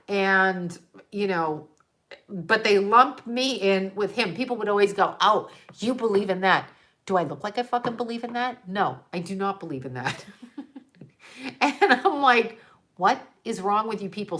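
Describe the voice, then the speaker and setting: A woman's voice: medium pitch, fairly bright tone. A woman livestreaming a rambling casual monologue to her viewers, exasperated and profane, trailing off into rhetorical questions and laughing in disbelief. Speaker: livestream host talking to viewers.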